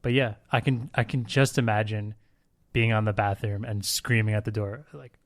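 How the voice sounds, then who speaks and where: A man co-hosting a podcast in casual chat, laughing and excitedly telling stories, in a hotel room. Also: on the low side, normal speed. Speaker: podcast co-host.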